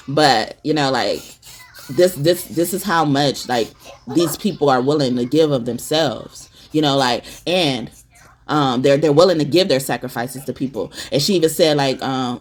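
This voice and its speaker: A woman's voice: a bass voice, normal speed. A woman gives a spiritual tarot reading in a loose, chatty way. She is blunt and emphatic, swears without a second thought, and keeps tossing "okay?" at her listeners. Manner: loose and chatty with many fillers. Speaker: tarot reader. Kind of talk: casual spiritual reading chat.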